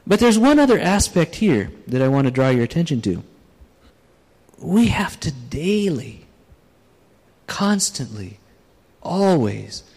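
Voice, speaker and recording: A man's voice: on the high side, a little mellow. A man preaching a sermon, illustrating his points with demonstrations and putting questions to the audience. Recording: long reverb of a large hall.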